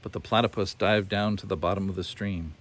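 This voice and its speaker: A man gently reading a children's storybook aloud as narrator. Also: low-pitched, fairly even intonation, a little fast, a little hiss or hum.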